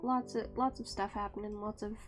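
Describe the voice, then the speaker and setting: A woman streaming a game and chatting with her viewers, speaking softly and rambling. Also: mid-range voice, fairly even intonation, a little fast, soft background music. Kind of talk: casual live-stream chat.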